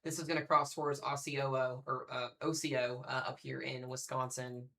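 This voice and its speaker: In a medium-pitched, flat, creaky voice that is pushed and bright, a young man briskly hosts a live severe weather stream. He offers casual commentary, puzzling through the radar aloud and calling out to viewers.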